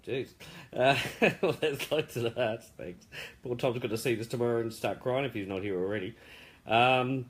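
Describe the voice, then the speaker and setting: In a medium-pitched voice, a man who started an online community rambles chattily through a live-stream update, heaping warm praise on its members.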